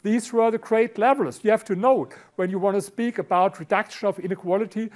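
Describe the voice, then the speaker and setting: A middle-aged man from Berlin with a German accent, lecturing a conference audience, halting and repeating words, often clearing his throat. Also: high voice, darkish tone. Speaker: conference speaker. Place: conference hall.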